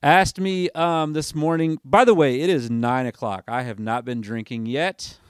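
A man's voice: a little high, unhurried, smooth, dry recording, studio quality. A man hosting a casual sports podcast, talking in a hyper, rambling way and looking things up as he goes. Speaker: podcast host.

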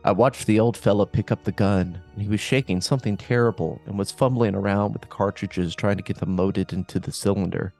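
A man with a very low voice hosts a podcast and reads stories aloud. He keeps it casual and breaks in with dry, joking asides. His delivery is relaxed and conversational. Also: brisk, few pauses, faint music behind. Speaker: podcast host.

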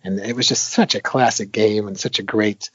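Speaking at normal speed in a lowish voice, an arcade game designer rambles through a long, casual interview as a guest. The audio is lo-fi with slight background noise. Fillers and restarts pile up, though he gets animated retelling stories.

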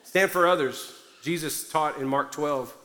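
Unhurried now, the same pastor drives home every point with fervor, his high, bright, forceful voice echoing through a large church hall with a long reverb trail and slight background noise. He's a little short of breath as he keeps going.

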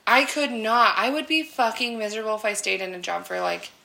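A woman's voice: mid-range voice, lively intonation, fairly quick, gravelly, pushed and bright, poor audio. A woman in her thirties co-hosting a podcast, talking loosely with lots of fillers and swearing. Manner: loose, rambling, swears often, many fillers. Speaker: podcast co-host. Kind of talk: casual podcast chat.

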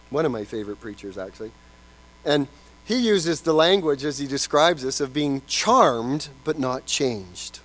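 A man preaching a sermon as pastor, animated, acting out the voices of people he quotes and dropping to soft emphasis. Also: mid-range voice. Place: church.

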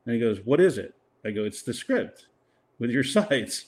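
A man's voice: mid-range voice, sing-song, normal speed. An older man telling a rambling story in casual conversation, laughing often and acting out what other people said. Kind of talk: casual anecdote.

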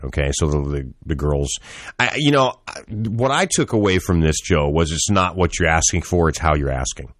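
Casting note: very deep male podcast co-host, rambling storyteller, dry close sound. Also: expressive, moderate pace, no room sound. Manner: rambling, laughing, acts out quotes. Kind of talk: casual chat, storytelling.

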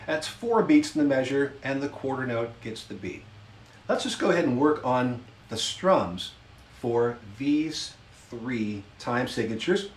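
A man's voice: mid-range voice, slight background noise. A man teaching a beginner music lesson, counting beats patiently and explaining time signatures. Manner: slow, patient counting along while strumming. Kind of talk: instructional lesson with demonstrations. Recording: roomy sound with instrument playing.

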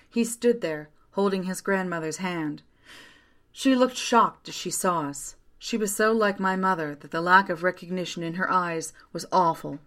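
A woman narrating a first-person story aloud in a quiet, steady way. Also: on the low side.

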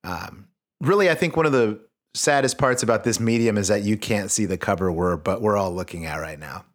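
A man's voice: lowish voice, brisk. A man hosting a comedic podcast, reading a children's book aloud with joking asides that drop into mumbles. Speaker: podcast host.

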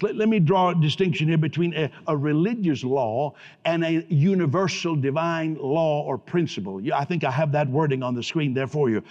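A man's voice: on the high side, darkish tone. A man preaching a sermon emphatically to a congregation in a church, often repeating and restarting his words. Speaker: pastor. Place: large church hall. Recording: dull recording with long hall reverb.

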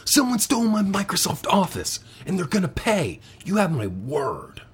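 A man putting on a movie-star impression to deliver deadpan one-liners. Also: high voice, normal speed, slightly rough, pitched above the performer's own voice, full character voice.

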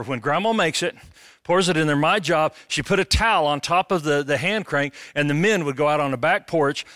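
Bright-voiced joking male pastor. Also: fairly high pitch, dry recording, studio quality. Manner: animated, joking, conversational preaching. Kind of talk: sermon.

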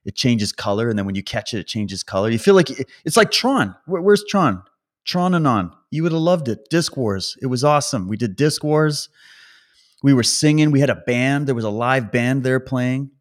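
A man giving a casual, rambling opinion monologue, ranting and sarcastic, with many fillers and restarts. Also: fairly low pitch. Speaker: vlogger.

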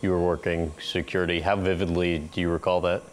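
A male interviewer who recaps his guest's past in measured sentences before asking his questions. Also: low voice, little pitch movement, slight background noise.

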